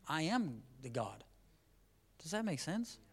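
Lively, conversational male pastor preaching. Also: fairly high pitch, slow pace, slightly rough. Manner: animated, conversational preaching that swings from quiet to loud. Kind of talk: sermon. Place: church service.

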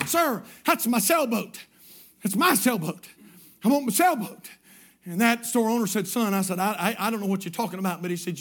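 A pastor preaching a sermon as a story, repeating his phrases and swinging from hushed lines to shouts. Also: sits high.

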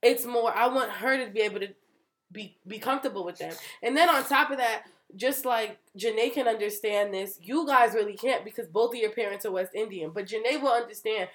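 A woman's voice: fairly high pitch, fairly quick. A woman from New Jersey talking candidly and emphatically in a casual podcast chat, speaking in long runs as a mother.

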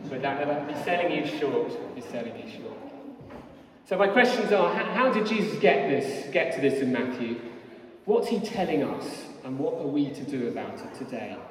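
Brief: church warden preaching, nervous and halting, slightly high voice, long church reverb. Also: male voice, animated, crowd noise. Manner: hesitant, many fillers and restarts. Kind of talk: nervous lay sermon. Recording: echoey church from far off.

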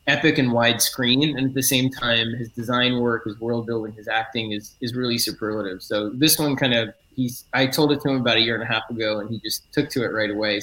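A middle-aged comic book writer speaks at a middling pitch with a bright, forward tone in a relaxed, casual interview. He explains things at length, earnest and eager, frequently restarting and correcting his phrasing. The recording is rough.

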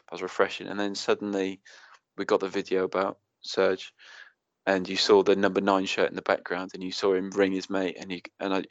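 A Welsh man in his thirties with a fairly low voice chats on a football podcast. He rambles with feeling and tells stories with energy. The sound is dry and close. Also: fast, no room sound, muffled recording. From Wales. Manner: emotional, rambling, animated storytelling. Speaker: podcast co-host. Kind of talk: casual football podcast chat.

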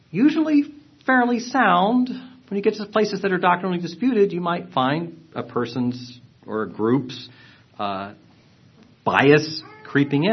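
A man teaching a lesson on Bible translations, explaining earnestly, clearing his throat and restarting phrases. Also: medium pitch, lo-fi sound.

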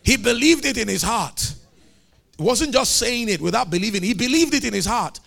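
A man preaching a sermon, retelling stories with acted dialogue and building to shouted, emphatic climaxes. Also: extremely high pitch, expressive, moderate pace, creaky.

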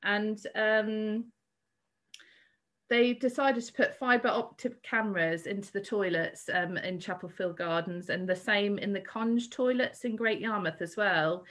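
A woman's voice: medium pitch, steady tone, unhurried, fairly bright tone, low-quality recording. Chatty woman guiding a walking tour. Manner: conversational, with frequent ums and self-corrections. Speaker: podcast co-host and tour guide. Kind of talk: casual walking-tour podcast chat.

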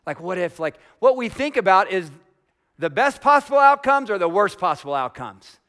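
Emphatic higher-voiced male pastor. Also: sing-song, normal speed. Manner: emphatic, swings from loud declarations to quiet, intimate asides; asks the congregation direct questions. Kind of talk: sermon.

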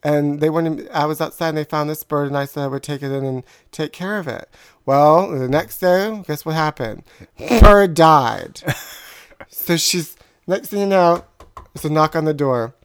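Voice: medium pitch, moderate pace, smooth, dry recording, studio quality. A podcast co-host telling a long funny family anecdote in casual chat, chatty and laughing at their own story.

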